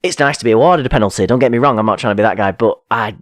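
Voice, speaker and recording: A man's voice: on the low side, racing, no room sound, studio quality. A man co-hosting a football podcast, rambling casually and correcting himself as he goes. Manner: rambling, self-correcting, fillers. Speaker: podcast co-host.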